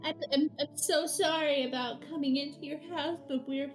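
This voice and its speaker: A woman's voice: high-pitched, steady tone, normal speed, soft background music, close to an everyday voice. A woman voicing a timid, polite lost character who apologizes and stammers. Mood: sheepish.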